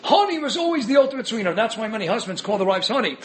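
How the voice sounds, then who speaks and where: A man teaching a Torah class in an animated way, chuckling often and mixing in Hebrew and Yiddish terms. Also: high voice, rapid-fire. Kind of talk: Torah lecture.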